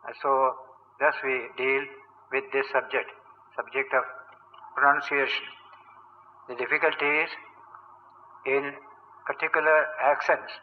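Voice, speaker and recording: An older man with an Indian English accent delivers a spiritual discourse, chanting verses slowly and then explaining them with measured care. His voice sits at a middling pitch. The old archival recording sounds thin and phone-like, with a long reverb from a large hall. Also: level tone. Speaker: monk lecturing on scripture.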